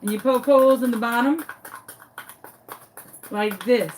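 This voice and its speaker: A woman telling a comic story in a craft tutorial, animated, dramatic and self-mocking. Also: a little high, a little slow, a little hiss or hum. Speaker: crafting vlogger.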